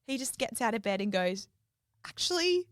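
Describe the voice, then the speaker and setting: A woman's voice: mid-range voice, fairly quick, no room sound, studio quality. A young woman, co-hosting a podcast and telling a story in casual chat, swearing freely and acting out quotes. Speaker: podcast co-host.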